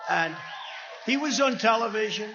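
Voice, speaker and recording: High-pitched rambling man at a rally. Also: animated, moderate pace, sharp tone, muffled recording, a faint crowd, slight background noise. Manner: conversational and meandering, acting out quoted dialogue. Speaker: political speaker at a rally. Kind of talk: rambling campaign rally speech. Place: rally venue.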